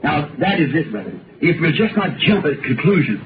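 A middle-aged man delivers a sermon in a folksy storytelling manner, his voice climbing in emphatic bursts. The sound is thin and phone-like, with a steady layer of hiss behind it. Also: fairly high pitch, moderate pace. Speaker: preacher. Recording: tinny old recording with noise.

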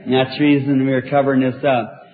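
Male evangelist, healing-service preacher, earnest and soft-spoken, tinny archival sound. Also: mid-range voice, level tone, fairly quick. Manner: gentle, earnest, talks directly to each person. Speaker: evangelist leading a healing line.

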